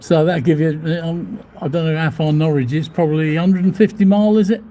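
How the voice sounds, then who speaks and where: A man's voice: a little high, fairly even intonation, a little fast, warm tone. Chatty man live-streaming. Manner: rambling, chatty, laughs often, swears mildly. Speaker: vlogger reading live chat. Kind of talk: casual live-stream chat. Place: hotel room overlooking the seafront.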